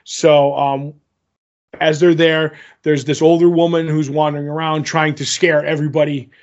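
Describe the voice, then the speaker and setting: A man's voice: fairly high pitch, little pitch movement, moderate pace, highs cut off. A man casually recapping a TV episode in a loose, rambling way, full of fillers. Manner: rambling, filler-heavy retelling. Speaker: podcast co-host.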